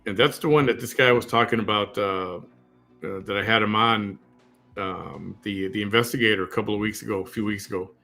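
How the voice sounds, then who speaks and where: A man hosts a casual talk show, speaking in an animated, emphatic way. His voice sits a little low. Faint music plays underneath him. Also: a little fast, creaky. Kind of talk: casual on-air conversation.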